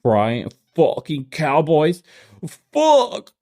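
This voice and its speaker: A man putting on the voice of a loud, profane young football-fan bro who whines and yells at the game. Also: a little high, huge pitch swings, extremely slow, voice pushed up, exaggerated voice. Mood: rowdy whining. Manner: whiny, profane, yelling at the game.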